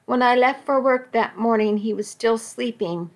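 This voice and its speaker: A woman's voice: fairly high pitch, moderate pace. Woman reading a personal story. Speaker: narrator.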